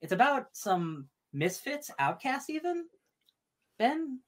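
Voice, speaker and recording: A man co-hosting a live-streamed podcast, chatting casually in an excitable, rambling way and laughing often. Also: extremely high pitch, takes it slowly. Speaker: podcast co-host.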